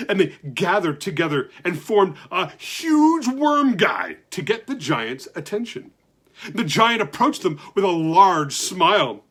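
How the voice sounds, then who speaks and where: A male storyteller narrates a children's tale with lively, expressive delivery. His voice is husky and sits on the high side, rising and falling animatedly as he reads. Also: measured pace. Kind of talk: reading a children's story aloud.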